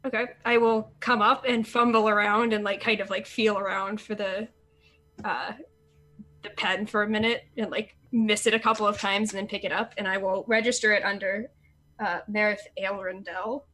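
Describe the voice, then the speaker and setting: A woman player describing her character's actions in a tabletop game, casual and halting. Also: medium pitch, level tone, a bit bright.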